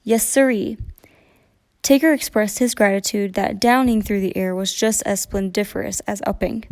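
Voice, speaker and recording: Storyteller: a woman reading a children's book gently, with a dry, close sound. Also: mid-range voice, fairly even intonation, normal speed, gravelly, dry recording. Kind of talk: storybook read-aloud.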